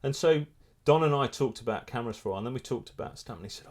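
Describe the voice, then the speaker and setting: A middle-aged man recounts a story in a relaxed interview, his voice sitting at an ordinary pitch. He talks as an animated storyteller, stumbling and restarting his sentences as he goes. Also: very fast, few pauses. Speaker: photographer and filmmaker. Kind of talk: casual anecdote in an interview.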